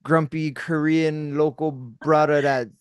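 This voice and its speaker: A man's voice: on the high side, level tone, slow pace, clear, resonant tone, dry recording, studio quality. A man in his forties from Hawaii hosting a podcast, talking in an easygoing, laid-back way. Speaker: podcast host. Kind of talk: casual podcast interview.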